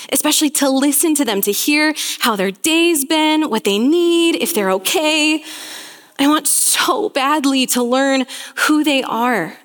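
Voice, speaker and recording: High-voiced young woman preaching in a hall. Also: fairly bright tone. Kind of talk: sermon.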